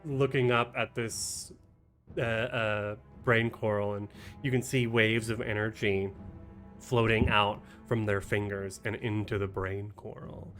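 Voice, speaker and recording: Brief: male game master, unhurried and halting, faint music under him. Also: fairly low pitch, steady tone, fairly bright tone. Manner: halting, full of ums and restarts. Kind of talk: narrating a tabletop game on a charity stream.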